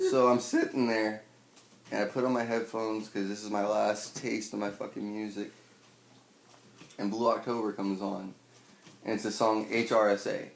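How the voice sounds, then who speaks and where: A young man in his twenties, swearing a lot and telling a personal story with wry humor, acting out scenes loudly at times. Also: lowish voice, flat delivery, normal speed, gravelly. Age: 20s. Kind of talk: personal storytelling, stand-up style. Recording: echoey room with faint noise.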